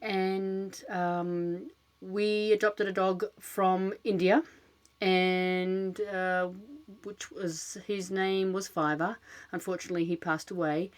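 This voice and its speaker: A woman's voice: medium pitch, level tone, takes it slowly. An older woman with an Australian accent, hosting a casual solo podcast in a chatty, self-deprecating way, with many fillers. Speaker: podcast host. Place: small closet lined with cushions.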